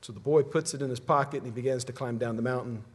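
A man from the Ozark region, a pastor preaching a sermon with measured phrases that fall to a hush at their ends. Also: medium pitch, steady tone, breathy edge. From Ozark region, USA.

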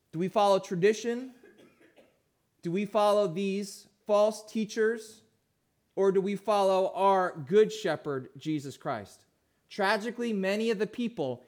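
A man preaching a sermon as pastor, asking his listeners questions and swinging between hushed, low passages and louder, emphatic ones.

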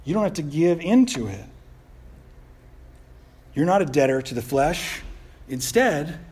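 A man delivers a sermon with a slightly higher-pitched voice. He keeps it conversational and animated, tossing rhetorical questions to the listeners. He likes a bit of self-deprecating humor. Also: unhurried. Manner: conversational, animated preaching with frequent rhetorical "right?". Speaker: pastor.

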